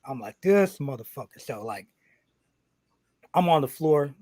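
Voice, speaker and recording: Co-hosting a wrestling podcast, a man tells a story casually and with animation, swearing constantly and acting out the back-and-forth of what people said. His medium-pitched voice takes it slowly, with no room sound.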